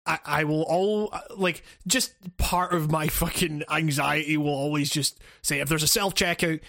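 A man's voice: a little high, steady tone, normal speed, creaky, fairly bright tone, dry recording, studio quality. A man chatting casually on a podcast, stumbling over restarts and swearing freely. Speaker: podcast co-host. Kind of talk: casual chat.

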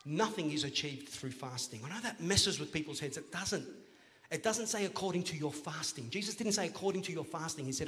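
A man preaching a sermon as pastor, playful and joking, then rising to loud, emphatic calls to the congregation. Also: on the high side, lively intonation, fairly quick. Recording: long church hall reverb.

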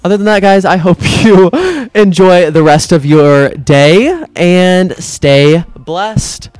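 Young male podcast host, cheerful and chatty, slightly raised pitch, dry sound. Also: slow pace, a little mellow, clean tone, dry recording. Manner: upbeat, laughing sign-off. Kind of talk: casual podcast chat.

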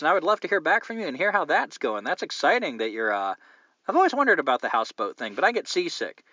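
A man's voice: a little high, sing-song, fast talker, bright, forceful tone, dry recording, dull audio. A man hosting a podcast, reading listener mail and chatting in a candid, meandering, profane way. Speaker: podcast host.

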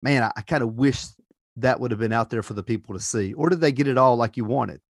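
A man hosting a podcast interview, asking questions in a relaxed way. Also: medium pitch, quick pace, no echo. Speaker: podcast host. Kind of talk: interview chat.

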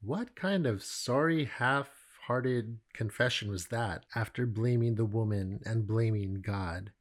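A middle-aged man teaching from the Bible in a relaxed, conversational way, with animated storytelling. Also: on the low side, slow pace, few pauses.

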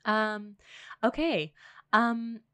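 A woman's voice: a little high, extremely slow, a bit bright, clear, resonant tone, dry recording. A woman co-hosting a podcast, chatting casually, bubbly and full of fillers and laughs. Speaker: podcast co-host. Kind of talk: casual chat. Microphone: studio mic.

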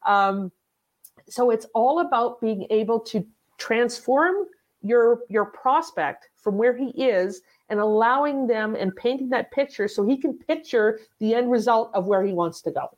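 A middle-aged woman sales coach, a guest in an interview, telling lively stories and acting out sales dialogue. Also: a little high, unhurried. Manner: animated storyteller, acts out sales dialogue. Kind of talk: conversational interview.

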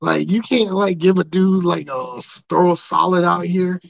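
A gravelly-voiced man hosts a loose podcast, rambling and joking loudly in heavy slang. The room sounds dry and close, and the audio is a bit dull and lo-fi. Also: high voice, steady tone, moderate pace, no echo. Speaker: podcast host. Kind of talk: casual podcast banter.

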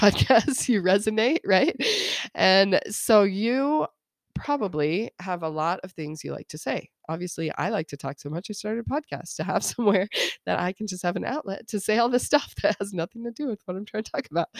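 A woman's voice: mid-range voice, no room sound. A woman in her thirties talks through her podcast in a loose, chatty way, often breaking into laughter. Her voice sits mid-range and the sound is dry and close, with no room around it. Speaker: podcast host. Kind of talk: casual solo podcast talk.

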